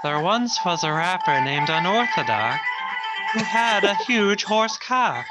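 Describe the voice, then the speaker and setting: A man putting on an Irish accent to recite bawdy limericks, in a slow, sing-song, loud delivery. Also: high voice, sing-song, over loud music, voice pushed up. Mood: mock-poetic. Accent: put-on Irish.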